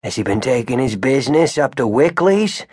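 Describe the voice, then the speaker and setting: A man voicing an indignant, suspicious old male shopkeeper in an audiobook, with a husky, rattling voice and slow, pointed questions. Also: medium pitch, very animated, darkish tone, no room sound, studio quality. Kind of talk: audiobook character voice.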